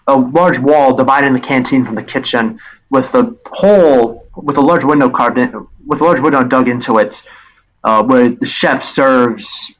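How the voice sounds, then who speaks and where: A man's voice: medium pitch, fairly bright tone, poor audio. A man narrating as game master of a tabletop game, describing scenes with frequent restarts.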